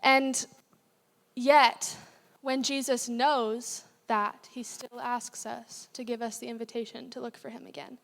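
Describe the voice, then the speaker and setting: A young woman with a slightly high voice gives a sermon in a church, talking plainly and candidly and breaking off into asides. Her voice rings out in a long, hall-like reverb. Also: flat delivery, measured pace, gravelly, a bit bright. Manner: candid, conversational preaching with asides and self-corrections. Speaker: guest speaker. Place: church sanctuary.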